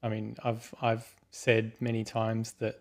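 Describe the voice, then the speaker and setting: A man hosting a casual interview, speaking in a relaxed, hedging way and reading out viewers' questions. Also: on the low side, unhurried. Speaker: interview host. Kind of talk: casual video-call interview.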